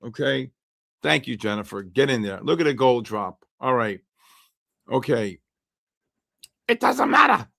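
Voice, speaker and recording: A hoarse man hosting a live trading stream, chatting with viewers by name while he calls trades. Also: medium pitch, a little slow, long pauses. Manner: animated, greets chat by name while calling trades. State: hoarse, losing his voice. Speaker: livestream host and futures trader.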